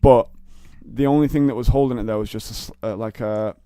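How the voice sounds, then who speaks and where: Man in his twenties, comedy podcast guest, storytelling with lots of false starts, smooth close voice, dry room. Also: medium pitch, fairly even intonation, a little fast, mellow, no echo. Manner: rambling, stammering restarts, laughs often. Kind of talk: casual storytelling chat.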